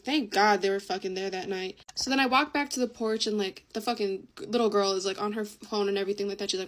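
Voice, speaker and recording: A woman's voice: mid-range voice, quick pace. A teenage girl telling a story in a casual, chatty way, swearing often and acting out what people said. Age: teens.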